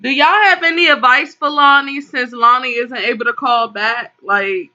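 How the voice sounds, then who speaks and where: A woman's voice: sits high, normal speed, bright, forceful tone. A woman hosting a live tarot call-in stream. She reads viewer comments aloud and talks to her viewers in a concerned, casual way, calling them pet names. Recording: dull lo-fi stream audio.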